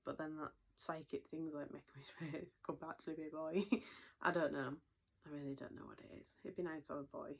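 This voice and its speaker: A young woman with a British accent talks through a casual vlog update in a low voice. She rambles with plenty of fillers and sounds a little out of breath at times. It's relaxed, everyday home chat. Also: brisk, creaky, breathy edge. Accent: British English. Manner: chatty, rambling, many fillers. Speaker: vlogger.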